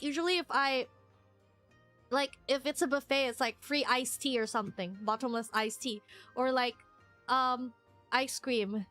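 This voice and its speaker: A young woman streamer chatting casually with her viewers, rambling and excitable, squealing whenever she thanks someone. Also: high-pitched, measured pace, faint music behind.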